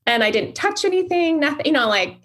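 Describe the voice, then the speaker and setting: A woman's voice: sits high, expressive, a little fast, fairly bright tone. A woman hosting a podcast, reacting with effusive emotion and sharing her own stories. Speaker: podcast host. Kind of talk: conversational interview.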